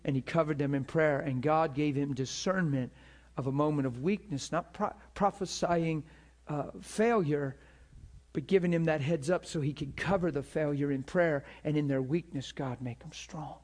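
Male pastor, fairly high voice, impassioned sermon delivery. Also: normal speed, darkish tone. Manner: impassioned preaching, laughs between points.

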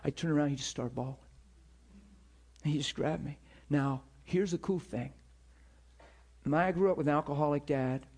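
A man preaching a sermon as a pastor, telling a personal story in an animated way, often breaking into laughter and repeating words as he goes. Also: on the high side, moderate pace, long pauses, slightly rough.

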